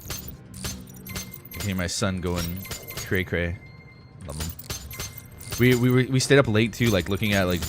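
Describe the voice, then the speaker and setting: Rambling low-voiced young man streamer. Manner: rambling, laid-back, heavy use of "like" and "dude". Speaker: gaming streamer. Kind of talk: casual chat while playing.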